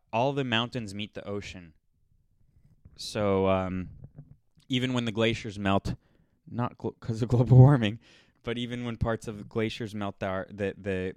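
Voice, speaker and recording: A young man telling a rambling, sardonic story in a casual monologue, now and then mocking people in quick impressions. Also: fairly low pitch, smooth, no echo. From Los Angeles area.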